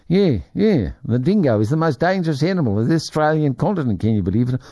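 Rambling man, dark dry voice. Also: on the low side, no room sound. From Ireland. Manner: storytelling with frequent restarts and chuckles. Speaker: radio talk host. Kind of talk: casual rambling monologue.

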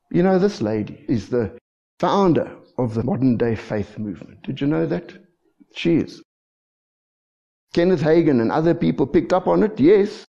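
Gravelly, animated preacher. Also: male voice, mid-range voice. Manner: lively preaching with frequent call-and-response asides. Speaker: pastor. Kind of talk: sermon. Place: church. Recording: dull lo-fi church recording.

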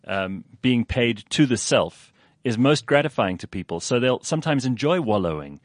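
Low-voiced interviewer, dry sound. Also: male voice, no room sound. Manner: measured, repeats words when starting. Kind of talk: interview questions.

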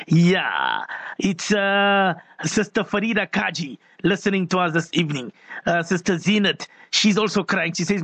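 A man's voice: high-pitched, animated, moderate pace, fairly bright tone, no echo. A man hosting a live call-in radio show, speaking in an emotional, fervent way and praying aloud for his listeners. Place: radio studio.

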